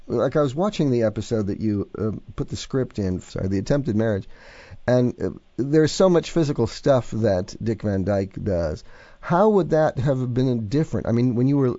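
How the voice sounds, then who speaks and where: A man hosting a book interview, speaking in a measured, conversational way. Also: mid-range voice, mellow, dry recording, lo-fi sound. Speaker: host. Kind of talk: interview host.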